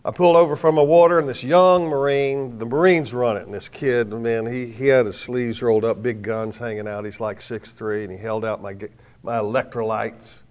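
Folksy preacher telling stories. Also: male voice, mid-range voice, moderate pace. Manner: folksy, animated storytelling with sudden loud bursts and quiet drops. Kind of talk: sermon with personal stories.

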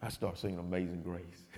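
A man, a former football player giving a folksy, animated testimony with a preaching cadence. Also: medium pitch, moderate pace, vocal fry. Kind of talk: storytelling speech. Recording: long reverb of a hall.

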